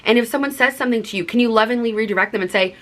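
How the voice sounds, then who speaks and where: A young adult woman vlogger chats to camera in a casual, confessional way, earnest and talkative, with "like" in almost every phrase. Her voice sits on the high side, a bit bright, and she talks rapid-fire.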